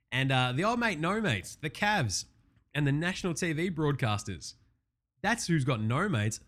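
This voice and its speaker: A man hosting a casual sports recap, brash and profane with quick wisecracks. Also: medium pitch, fairly bright tone. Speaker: podcast host.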